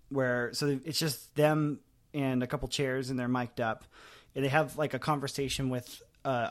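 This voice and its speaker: A man co-hosting a podcast in casual chat, rambling and animated, often laughing and trailing off softly. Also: mid-range voice. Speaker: podcast co-host.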